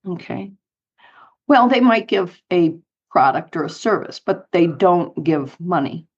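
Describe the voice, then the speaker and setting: A middle-aged woman from Colorado, a guest telling animated anecdotes in an interview with light laughs. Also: fairly low pitch, unhurried, slightly rough, dull audio. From United States, Colorado. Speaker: guest, author and speaker. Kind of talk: storytelling interview.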